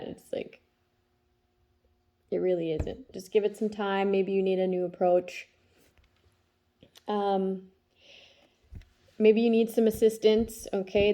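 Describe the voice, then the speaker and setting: Here a tarot reader in her thirties, with a warm mid-range voice, is chatting in a casual spiritual vlog about her kids and how her day went. She keeps tacking "okay?" onto her lines.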